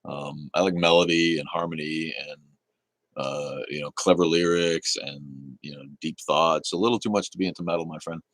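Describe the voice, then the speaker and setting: A man's voice: a bass voice, steady tone, moderate pace, fairly bright tone, no echo. A man hosting a casual livestream, reading chat aloud in a laid-back, easygoing way, cursing casually and laughing often.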